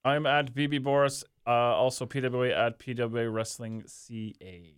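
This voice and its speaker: A man co-hosting a podcast in casual chat, sarcastic and teasing with a deadpan delivery. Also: medium pitch, normal speed, smooth, no echo, clean studio sound. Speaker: podcast co-host.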